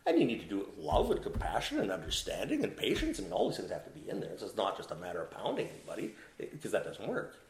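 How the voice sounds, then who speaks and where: A man delivers a sermon in a lively, sweeping voice that climbs and drops as he poses questions to his listeners. The sound is roomy and echoey, as in a church hall. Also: on the low side, fast, few pauses. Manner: animated preaching with rhetorical questions to the congregation. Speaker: pastor. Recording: echoey room.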